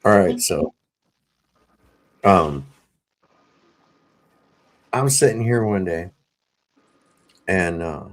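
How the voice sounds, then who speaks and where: A man's voice: deep voice, lively intonation, extremely slow, pauses often. A man hosting a live-stream panel, telling a rambling story full of swearing and restarts. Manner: profane, rambling, with many fillers and restarts.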